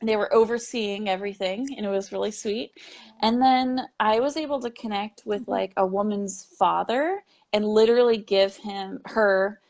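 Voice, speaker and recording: A woman's voice: mid-range voice, normal speed, darkish tone. A young woman in a casual interview, telling her story of becoming a medium in a chatty way, with plenty of fillers and little laughs.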